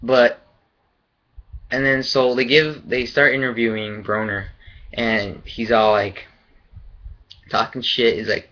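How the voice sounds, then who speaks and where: A man's voice: mid-range voice, animated, measured pace, long pauses, bright, forceful tone, lo-fi sound. A man giving a casual, rambling fight review, loose and profane in his opinions. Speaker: boxing vlogger.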